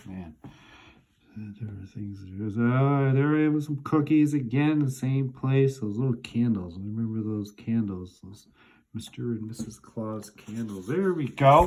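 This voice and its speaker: A man in his forties talks through a box of old photographs in a slow, musing voice. He seems half to be talking to himself, with pitch sitting in the ordinary middle for a man. Easygoing, reflective, in no hurry at all. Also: a little mellow, husky. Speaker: vlogger looking through childhood photos. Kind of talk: casual reminiscing monologue.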